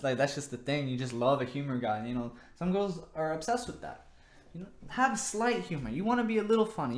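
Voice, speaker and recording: Rambling man with a high voice. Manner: rambling, repeats words, lots of "you know". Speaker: vlog host giving dating advice. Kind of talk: casual advice monologue. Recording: echoey room.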